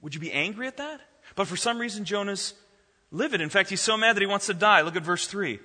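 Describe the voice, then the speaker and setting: A man preaching a sermon as pastor, reading scripture slowly and expounding it with animated emphasis. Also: sits high. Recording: long hall reverb.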